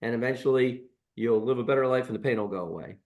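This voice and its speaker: A man's voice: mid-range voice, fast, a little mellow, lightly acted. A man playing a patient, repetitive chiropractor. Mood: explaining. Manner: repetitive, explanatory. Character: earnest middle-aged male chiropractor explaining patiently.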